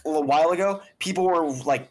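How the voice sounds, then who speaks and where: A man's voice: on the high side, quick pace, darkish tone. A young man co-hosting a casual sports podcast, emphatic and peppering his talk with "dude". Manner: emphatic, says "dude" a lot. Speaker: podcast co-host.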